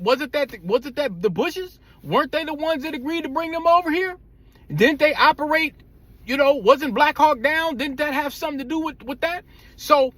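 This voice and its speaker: Brief: very high-pitched man, dry close sound, blunt profane storyteller. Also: dry recording. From United States. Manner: blunt, profane, animated retelling with acted quotes. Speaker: vlogger. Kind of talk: casual storytelling rant.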